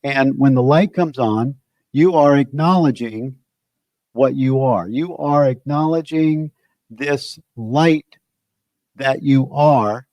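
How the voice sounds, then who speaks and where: A man's voice: mid-range voice, slow, no room sound, lo-fi sound. A man giving an informal spiritual teaching talk, conversational and searching, often circling back on his phrases.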